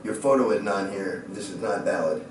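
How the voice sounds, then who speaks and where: Brief: formal, apologetic rental clerk, as a storyteller puts him on, distant and roomy. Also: male voice, deep voice, moderate pace, background noise, pitched below the performer's own voice, lightly acted. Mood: politely firm. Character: polite, firm rental desk clerk, adult. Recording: echoey room from a distant mic.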